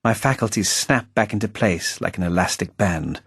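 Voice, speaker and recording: A man's voice: on the low side, normal speed, hardly any pauses, a bit bright, husky, no echo. A man narrating his own novel in the first person in a wry, arch storytelling manner, recorded close on a studio microphone. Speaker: audiobook narrator, the author.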